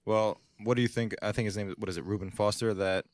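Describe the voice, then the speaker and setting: A man's voice: lowish voice, fairly even intonation, quick pace, dry recording, studio quality. A man co-hosting a casual chat, asking easygoing questions and giving short replies. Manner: brief responses, easygoing questions. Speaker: co-host and friend.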